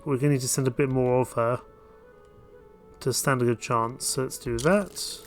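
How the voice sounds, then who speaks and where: Guy casually talking through a strategy game, middle pitch, a bit of music in the background. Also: fairly even intonation, moderate pace. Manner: casual, self-mocking and chatty. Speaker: gamer. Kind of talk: casual let's play commentary.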